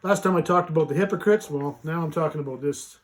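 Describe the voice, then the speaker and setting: A man's voice: fairly high pitch, fast. Folksy man rambling casually. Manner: rambling, folksy, many fillers and restarts. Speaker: vlogger reading a Bible passage. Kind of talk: casual live vlog with scripture reading.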